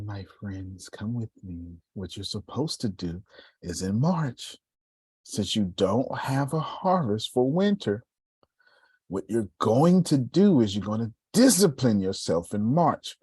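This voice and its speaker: Low husky-voiced preaching man. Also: animated, slow pace, dark tone, no room sound. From Galveston, Texas. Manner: preachy, builds to emphatic exhortations. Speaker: host. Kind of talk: motivational talk on a group call.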